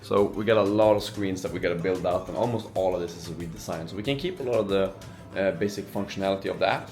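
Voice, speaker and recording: Young man, twenties, casual vlog talk, low-pitched, loose and rambling, faint music behind. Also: quick pace. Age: 20s. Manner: relaxed, rambling, many fillers and restarts. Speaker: entrepreneur vlogger.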